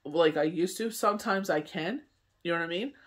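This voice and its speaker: Canadian male medium, rambling casual talker, slightly high pitch. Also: fairly quick, a bit bright. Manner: rambling, full of "you know what I mean". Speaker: tarot reader and medium. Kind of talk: casual chat to camera.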